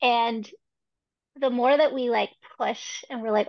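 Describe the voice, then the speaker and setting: Woman host, encouraging and reflective; slightly high voice, dull dry recording. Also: fairly even intonation, a little slow, creaky, dry recording. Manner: reflective, encouraging, frequent fillers. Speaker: podcast host. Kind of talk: casual interview chat.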